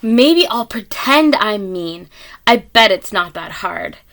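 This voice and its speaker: A woman's voice: medium pitch, lively intonation, slow, fairly bright tone. A woman voicing a sad, lonely young male monster in a storybook, speaking in a tearful, pleading sing-song rhyme. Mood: wistful.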